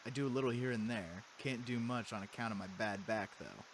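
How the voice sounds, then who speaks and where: A man voicing a deferential older male gardener with a bad back, speaking low and quiet. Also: brisk, background noise, lightly acted.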